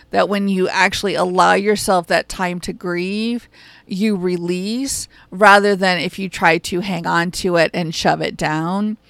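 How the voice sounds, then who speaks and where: A woman hosting a reflective podcast, talking slowly and unhurriedly. Her voice has a gravelly, fry-laden edge, and the sound is dry and close. She stays calm, measured and reassuring throughout. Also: mid-range voice, dry recording. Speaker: podcast host. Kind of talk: reflective solo podcast talk.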